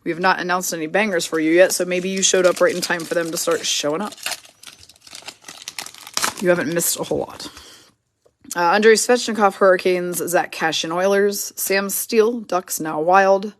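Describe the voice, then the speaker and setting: A woman hosting a live card break, quickly reading out player names and teams and chatting with viewers in the comments. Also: fairly low pitch, fairly even intonation, a little hiss or hum. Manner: brisk, reads names and teams in quick lists, chats with viewers.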